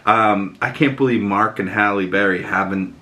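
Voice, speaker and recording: A man's voice: lowish voice, normal speed, pushed and bright. A man, talking through a movie review in a chatty, enthusiastic vlog style, full of "you know" and casual swearing. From Boston. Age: 20s.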